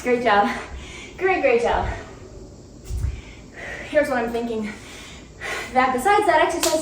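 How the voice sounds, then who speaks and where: A woman fitness instructor talks through a home cardio workout, chatty and upbeat and out of breath. Her voice sits high. She is caught from a distance by the camera, in an echoey room at home. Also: slight background noise. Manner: upbeat, chatty, laughs between cues. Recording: roomy, off-mic home recording.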